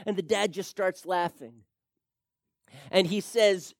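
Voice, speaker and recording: A man preaching a storytelling sermon in an animated way, swinging his pitch and loudness and tossing chatty asides to his listeners. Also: takes it slowly, creaky, pauses often, no room sound, clean studio sound.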